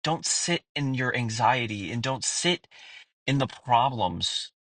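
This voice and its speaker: A man in his thirties talks straight into the mic in a frank, swearing-heavy monologue, sincere and direct. His voice is bright and forward, and the recording is dry and close, with no room sound. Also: mid-range voice, expressive, slow pace, no room sound, rough recording. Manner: blunt, profane and earnest, with frequent fillers. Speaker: podcast host. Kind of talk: candid personal monologue.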